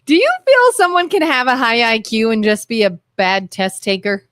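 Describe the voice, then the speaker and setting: A woman's voice: on the high side, huge pitch swings, normal speed, a bit bright, no echo, clean studio sound. A woman co-hosting a radio talk show, chatty and telling stories, with an Ohio accent. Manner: chatty, storytelling. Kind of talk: casual conversational talk. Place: radio studio.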